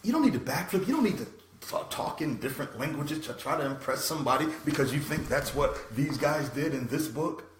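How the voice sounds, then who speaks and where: A man hosting a passionate motivational talk, preaching with sudden swings from loud to soft. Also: fairly high pitch, animated, brisk, reverberant, a little hiss or hum. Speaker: host. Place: room.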